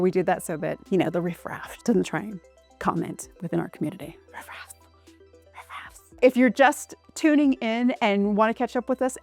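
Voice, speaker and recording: A woman hosting a casual craft vlog, talking in a playful, self-mocking way. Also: mid-range voice. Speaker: channel host.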